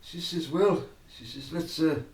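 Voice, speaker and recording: A man spins a rambling story, often breaking into laughter. His voice sits a touch high and he takes his time. He sounds set back from the mic in a roomy, echoing space. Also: a little slow, darkish tone. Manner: chuckling, digressive, keeps breaking into laughter. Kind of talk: rambling anecdote to camera. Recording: roomy echo, mic at a distance.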